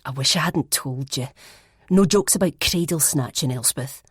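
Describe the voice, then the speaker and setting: A woman's voice: rumbling low, normal speed, breathy edge, no echo, studio quality, heavily acted. A woman voicing a confiding young woman student. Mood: serious. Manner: confiding, hushed at times. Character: gossipy young woman student sharing news.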